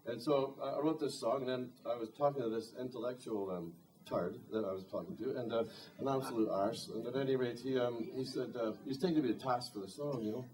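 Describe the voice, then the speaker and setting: A man's voice: medium pitch, brisk, darkish tone, slight background noise. A man and singer-songwriter introducing a song at a live concert, telling a rambling story with dry humor. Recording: distant live concert recording, faint guitar.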